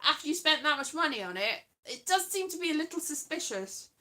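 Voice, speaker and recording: A woman hosting a casual chat, rambling and trailing off as she hunts for names, with quick asides. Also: high voice, sing-song, bright, forceful tone. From Wales. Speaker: podcast host.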